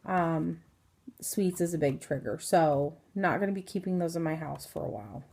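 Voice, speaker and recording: A woman's voice: sits low, normal speed, creaky, darkish tone, husky. A woman in her thirties from Indiana giving a rambling, casual health update to her phone camera, full of ums and self-corrections. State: hiccups. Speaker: vlogger.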